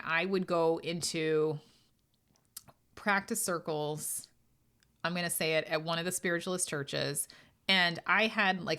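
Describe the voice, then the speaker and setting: A woman medium talks through her own podcast in a frank, casual way. Her voice sits a little low. She tells stories and acts out quoted asides. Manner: candid, animated storytelling with quoted asides. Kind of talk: casual solo podcast talk.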